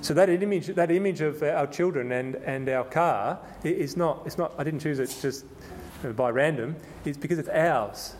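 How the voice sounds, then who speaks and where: Man preaching on scripture, fairly high voice. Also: a little mellow, a little hiss or hum. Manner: conversational, with frequent restarts and repetitions; reads scripture aloud slowly and emphatically. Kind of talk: sermon, Bible exposition.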